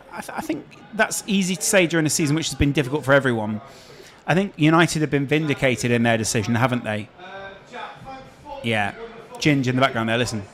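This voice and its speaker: A man with a Scouse accent hosting a casual live stream, chatting and answering viewer questions. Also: mid-range voice. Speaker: streamer host.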